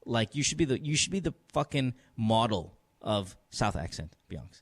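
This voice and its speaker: A man's voice: medium pitch, very animated, normal speed, dry recording. A man hosting a podcast, giving blunt, profane advice in casual chat. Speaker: podcast host. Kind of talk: casual crude advice talk.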